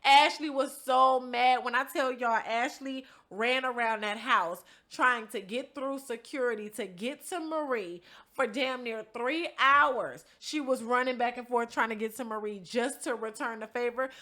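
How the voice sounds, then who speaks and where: High, bright-voiced woman telling gossip. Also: a little slow. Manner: animated, acts out quotes, laughs often; profane, slangy. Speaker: reality TV recap host. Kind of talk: casual storytelling recap.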